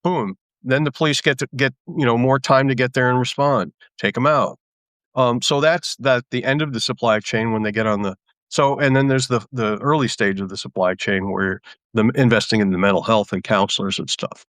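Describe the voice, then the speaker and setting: A man hosting a political talk, halting and often restarting his sentences. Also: mid-range voice, fairly bright tone, dry recording. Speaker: host.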